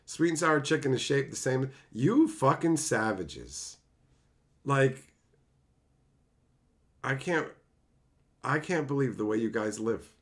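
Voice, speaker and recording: A man's voice: mid-range voice, measured pace, pauses often. A man streaming live, reading chat and ranting at it in profane, exasperated bursts.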